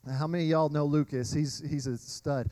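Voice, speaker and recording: High-voiced pastor telling stories. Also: male voice, a little fast, no room sound, rough recording. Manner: animated storytelling, addresses crowd as y'all. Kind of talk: sermon with personal story.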